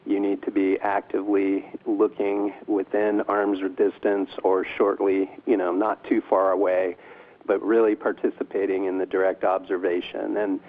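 A man with a low, monotone voice explains things as a doctor guest in an interview. He pauses often, filling the gaps with ums and restarting his sentences. The sound comes through a thin, tinny phone line. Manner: hesitant, many ums and restarts.

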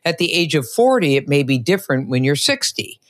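A woman's voice: deep voice, very animated, fairly quick, no room sound, clean studio sound. A middle-aged woman hosting a podcast interview, talking with energy and emphasis. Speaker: podcast host. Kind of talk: enthusiastic interview chat.

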